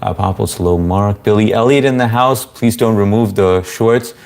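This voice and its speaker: Low-voiced man hosting a casual live stream. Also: moderate pace, darkish tone. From Indian family background. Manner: laid-back, rambling, many fillers. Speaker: livestream host. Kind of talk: casual live chat reading comments.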